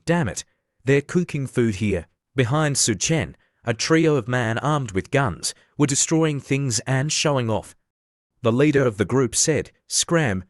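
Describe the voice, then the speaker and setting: A man's voice: medium pitch, dry recording, studio quality. A man narrating an anime recap and reading every character's lines in much the same voice. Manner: reads all dialogue in the same near-flat voice.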